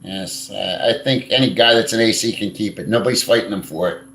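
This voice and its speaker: A man's voice: lowish voice, a little fast, gravelly, fairly bright tone. A man hosting a casual live stream, answering viewer comments in a blunt, crude and rambling way, swearing freely. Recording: echoey room.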